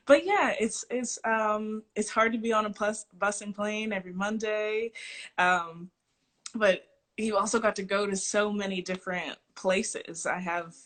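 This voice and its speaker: A woman's voice: mid-range voice, level tone, a little slow, a bit bright. A woman, a stage actress, talking enthusiastically about touring life on a video call, a little out of breath. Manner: enthusiastic, reflective, slightly winded. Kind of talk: casual video-call interview.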